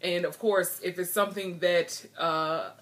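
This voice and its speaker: A woman's voice: lowish voice, fairly even intonation, a little slow, fairly bright tone. A woman vlogging in earnest, frank talk, a bit emotional and frustrated as she speaks. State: a little emotional. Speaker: video blogger. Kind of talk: heartfelt vlog talk.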